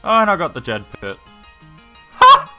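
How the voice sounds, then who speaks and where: A man streaming a game live, swearing and excited. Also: medium pitch, normal speed, faint music behind.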